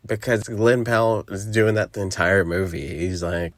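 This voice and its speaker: A man's voice: low voice, steady tone, brisk, hardly any pauses, no echo. A young man hosting a podcast, giving a blunt, profane movie review with frequent laughter and mocking impressions.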